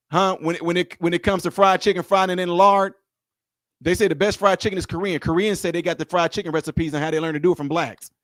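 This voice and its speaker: A high-pitched man talks straight into a dry, close mic, teasing and animated as he comments on a clip. He repeats his lines for effect and keeps the banter going. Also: no room sound. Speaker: video commentator. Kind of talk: reaction commentary.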